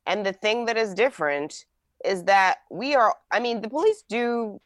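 A woman from New Jersey talks frankly as a co-host, with an easy conversational flow. Her voice sits at a middle pitch and is recorded dry. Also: animated, no room sound. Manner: frank, conversational, with fillers and quick emphasis. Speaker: podcast co-host. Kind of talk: casual political chat.

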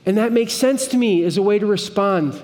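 Male pastor, sermon, high-pitched, earnest conversational delivery, long hall reverb. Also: fairly quick, darkish tone. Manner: earnest, conversational preaching with emphatic pleading moments.

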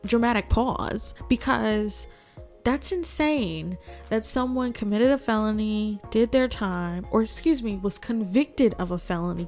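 A woman's voice: mid-range voice, a little mellow. A woman hosts a political news commentary in a mid-range voice, with a faint bed of music behind her. She talks sarcastically and keeps firing rhetorical questions at her viewers. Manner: sarcastic, asks rhetorical "guess what" questions. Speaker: host.

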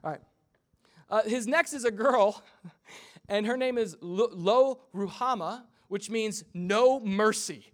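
A young male pastor with a high, light voice delivers a sermon. He keeps it casual and funny, and jumps in and out of quick impressions of the people in his story. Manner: conversational and humorous, acting out quick voices.

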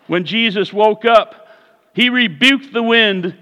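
High, bright-voiced preaching man. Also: slow. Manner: animated preaching, swings from hushed to loud. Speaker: pastor. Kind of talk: sermon. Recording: reverberant hall.

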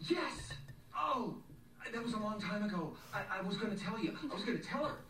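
A man's voice: high voice, expressive, a little fast, pushed and bright, heavily acted. An actor playing a flustered man who laughs nervously while being questioned, heard as film audio from a distance in an echoey room. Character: flustered, easygoing man under interrogation.

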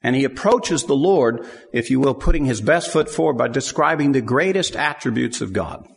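A man's voice: mid-range voice, animated, normal speed, gravelly, long reverb tail. A man preaching a sermon in a conversational way, acting out the scenes he describes.

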